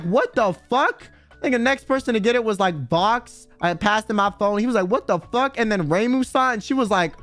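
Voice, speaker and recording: A man's voice: extremely high pitch, a bit bright. A man streaming, telling a story in a rambling, slangy way and swearing freely. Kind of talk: casual chat storytelling.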